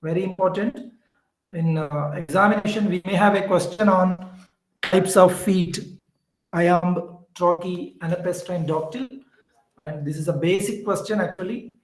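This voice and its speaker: A man with an Indian English accent lectures in a high voice, slowly and patiently going over each point and repeating key words. His voice rings in an echoey room. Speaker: teacher.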